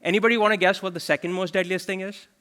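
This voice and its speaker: A man's voice: high voice, fairly even intonation, rapid-fire, a bit bright. A man in his forties giving a conversational conference keynote as a chief product officer, often asking the audience questions. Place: large conference hall.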